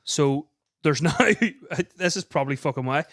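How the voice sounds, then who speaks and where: A man's voice: a little high, normal speed, no echo. Male co-host, upbeat prompter, dry booth sound. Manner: chatty, eager, prompting stories. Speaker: podcast co-host. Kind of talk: casual chat.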